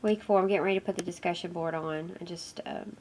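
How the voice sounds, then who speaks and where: A woman teaching an online course in an informal recorded lecture. She has a cold, so her voice is nasal and hoarse at times, and she rambles with fillers and apologies. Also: lowish voice, steady tone, quick pace, a little mellow, a little hiss or hum. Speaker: course instructor.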